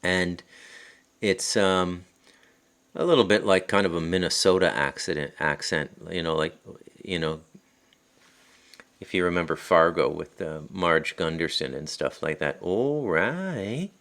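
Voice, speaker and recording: Low-voiced Canadian man with Ottawa Valley accent. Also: steady tone, unhurried, pauses often, fairly bright tone. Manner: rambling, digressive, frequent restarts. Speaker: podcast host and author. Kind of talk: casual storytelling monologue. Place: rural home in the country. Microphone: phone.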